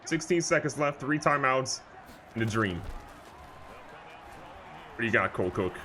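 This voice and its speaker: A man giving excitable, jokey live commentary over a football video game, moving from calm play calling to loud outbursts. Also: mid-range voice, normal speed, a little hiss or hum. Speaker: gaming YouTuber.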